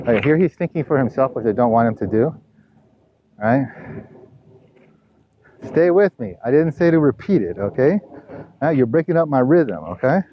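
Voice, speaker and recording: This hands-on tennis lesson features a man with a medium-pitched voice issuing direct instructions, constantly checking "okay?" and "all right?", and sometimes teasing his student. A little hiss or hum runs under the dull, lo-fi camera recording.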